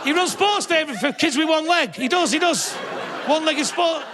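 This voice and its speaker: A man's voice: extremely high pitch, a little fast, crowd noise, background noise. A male stand-up comedian, swearing and mocking in a live comedy set in a theatre. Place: theatre stage before a live audience.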